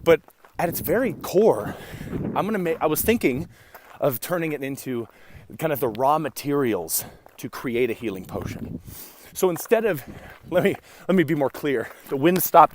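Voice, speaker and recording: A man, a game master, vlogging outdoors and out of breath, rambling and restarting as he thinks aloud. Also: medium pitch. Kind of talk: casual outdoor vlog to camera. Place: outdoors in open windy country. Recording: faint wind and background noise.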